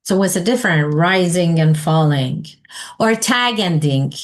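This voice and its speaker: Slow, questioning woman trainer. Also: on the low side. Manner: slow, questioning, models example sentences aloud. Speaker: ESL teacher trainer leading a session. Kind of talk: interactive teaching session.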